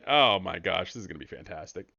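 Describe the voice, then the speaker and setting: A man giving casual, jokey commentary while streaming a card game, breaking into sudden high excited yelps. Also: quick pace, creaky, highs cut off.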